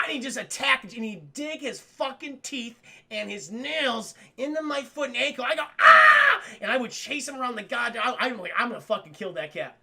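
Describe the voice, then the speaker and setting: A man streaming a cartoon review, retelling scenes in a profane, excitable way and talking straight to his chat. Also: very high voice, gravelly. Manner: profane, excitable storyteller who keeps addressing chat; acts out the characters' lines in quick voices. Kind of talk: casual livestream recap.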